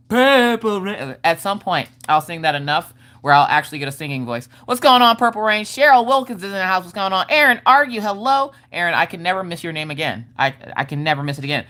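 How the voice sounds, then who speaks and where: A woman hosting a casual craft livestream, upbeat, calling out viewers by name and swinging her pitch up and down as she chats. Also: bright, forceful tone. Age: adult, her father watches. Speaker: livestream host greeting chat. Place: home craft room.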